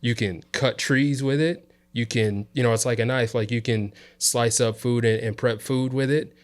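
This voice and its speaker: A man from the South Side of Chicago, a guest on an interview show, telling a work story in a relaxed way and checking in with "you know" and "right?". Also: mid-range voice, normal speed. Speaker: interview guest, videographer and coach. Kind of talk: casual storytelling chat.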